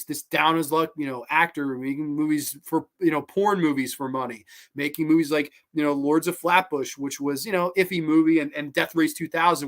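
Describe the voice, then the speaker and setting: A young man hosts a casual movie talk, talking eagerly and loosely with many fillers and restarts. His voice sits a little high for a man. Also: a bit bright. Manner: enthusiastic, rambling, many fillers; hums and sings snatches of film music. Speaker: host.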